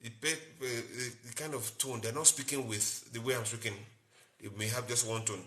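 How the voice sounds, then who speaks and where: A man's voice: mid-range voice, fairly even intonation, moderate pace, bright, forceful tone. A man, a doctor hosting a live-stream health talk, explaining in short repeated phrases and greeting viewers by name.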